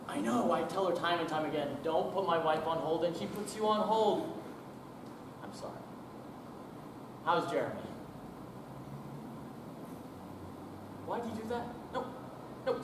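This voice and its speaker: A man's voice: high voice, noisy background. A young man playing a hot-tempered, bullying boss who rants and sneers down the phone during a humorous speech performance. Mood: defensive. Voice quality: ranting, bullying, sarcastic. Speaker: speech competition contestant. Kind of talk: humorous interpretation monologue. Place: school auditorium. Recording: echoey hall from far off.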